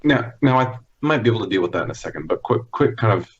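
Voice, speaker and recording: A man's voice: on the low side, animated, fast talker, slightly rough, dull audio. A man playing a tabletop role-playing game, easygoing and thinking aloud about his moves. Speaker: player. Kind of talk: casual tabletop game play.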